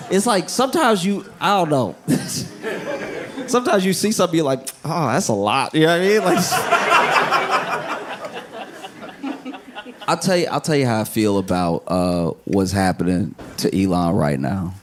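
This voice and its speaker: Over a noisy background, a stand-up comedian animatedly tells a story, bursting into shrill, shouted voices for the people in it while the audience laughs.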